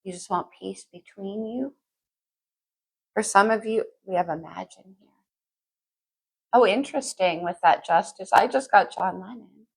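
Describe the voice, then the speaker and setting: Husky gravelly lady doing a casual tarot reading, chatty, thinking out loud. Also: medium pitch, measured pace, long pauses, rough recording. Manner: chatty, thinks aloud, sings lyrics softly. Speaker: tarot reader.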